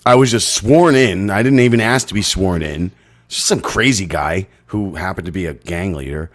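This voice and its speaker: A man co-hosting a podcast, telling crude, rambling stories in a deadpan way. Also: low-pitched, normal speed. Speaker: podcast co-host. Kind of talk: crude comedic banter.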